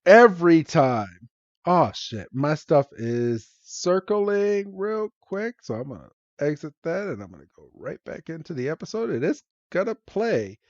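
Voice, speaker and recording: A man co-hosting a podcast, recapping a cartoon episode with lots of laughter and excited, yelled character quotes. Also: fairly high pitch, a little slow, no room sound, muffled recording. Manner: animated, laughs often, jumps into excited character voices. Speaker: podcast co-host. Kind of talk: casual episode recap chat.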